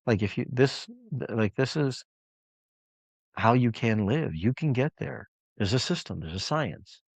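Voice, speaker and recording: A man's voice: medium pitch, animated, measured pace, vocal fry, husky, no echo. A man coaching clients on a live call, telling a story in an emphatic, conversational way.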